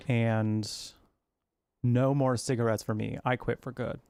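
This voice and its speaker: A man's voice: medium pitch, level tone, unhurried, warm tone, clean tone, dry recording, faint music behind. A man from Arizona chatting casually while he plays a game, rambling and cooing at his cat now and then. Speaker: gaming streamer.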